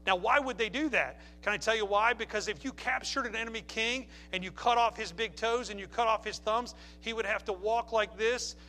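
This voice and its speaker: A man's voice: high voice, a little fast, hardly any pauses, pushed and bright, slight background noise. A man preaching a sermon, telling stories with passionate emphasis. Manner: impassioned preaching with storytelling. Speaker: pastor.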